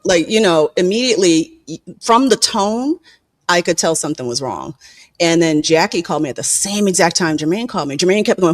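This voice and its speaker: A film director and producer telling personal stories in a candid, profane way in an interview, acting out quoted people with sudden jumps in pitch. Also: fast talker, no echo.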